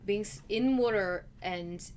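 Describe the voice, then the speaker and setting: A woman's voice: medium pitch, unhurried, a little mellow, slight background noise. A woman with a Philadelphia accent co-hosting a podcast, chatting casually and earnestly. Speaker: podcast co-host. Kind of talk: casual chat.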